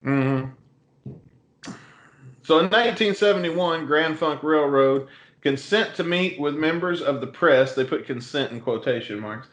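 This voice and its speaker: A man's voice: a little high, a little slow. A man co-hosting a podcast in casual, joking chat, swearing freely. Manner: laid-back, swearing, joking. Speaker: podcast co-host.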